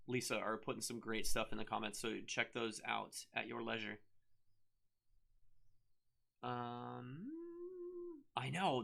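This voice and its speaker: Upbeat rambling male host, gravelly bright voice. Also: mid-range voice. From United States. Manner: rambling, upbeat, many fillers. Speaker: show host and author. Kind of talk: casual live-stream chat.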